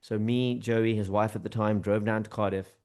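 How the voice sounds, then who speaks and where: A man, a podcast guest telling a lively anecdote in conversation and acting out the dialogue. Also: on the low side, moderate pace, clear, resonant tone. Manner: lively, acts out quoted dialogue with shifting tone.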